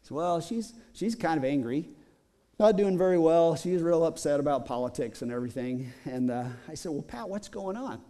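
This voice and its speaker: A middle-aged man gives a relaxed, conversational sermon in a church, and his fairly high voice has a warm, mellow tone. He often pauses on fillers and repeats himself as he drifts into a personal story. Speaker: pastor.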